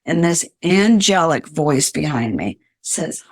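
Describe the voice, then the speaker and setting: A woman's voice: low voice, measured pace, no room sound, clean studio sound. An older woman, a podcast guest, earnestly telling her life story in an interview.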